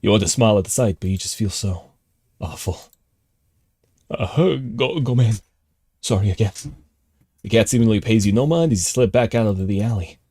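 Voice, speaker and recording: A male streamer reading a text game aloud and reacting live, jumping between calm narration and excited outbursts. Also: on the low side, normal speed, pauses often, breathy edge, dry recording, clean studio sound.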